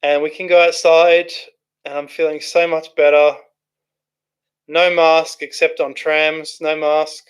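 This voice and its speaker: An Australian man hosts a livestream, reading chat comments aloud and answering them in a chatty, rambling way, thinking aloud with restarts. His voice is on the high side, smooth and level, at an unhurried pace.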